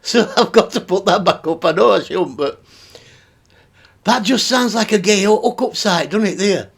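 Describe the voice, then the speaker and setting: Gravelly and husky but high-pitched, this middle-aged man's voice is expressive and moves at normal speed. Hosting a YouTube commentary vlog, he rants with exasperation, swearing freely and laughing between remarks.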